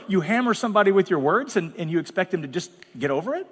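A man's voice: sits high, animated, fairly quick, hardly any pauses, fairly bright tone, big-room sound. A man preaching as pastor, talking bluntly and conversationally with dramatic asides. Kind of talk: sermon. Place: large church hall.

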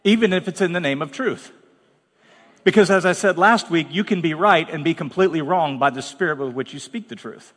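A man's voice: fairly high pitch, a little fast, fairly bright tone, in a large hall. A man preaching as pastor, talking bluntly and conversationally with dramatic asides. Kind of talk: sermon. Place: large church hall.

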